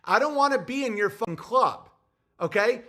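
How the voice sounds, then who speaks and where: A male comedian rants in a blunt, sarcastic, heated monologue. His voice sits high and sounds bright and forceful, pressing each point hard. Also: lively intonation, moderate pace. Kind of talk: ranting monologue.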